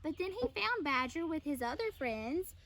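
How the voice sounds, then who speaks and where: A woman teacher reading a picture book aloud to children, pausing to ask encouraging questions. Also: sits high, very animated, a bit bright. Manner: encouraging, asks questions of the listeners.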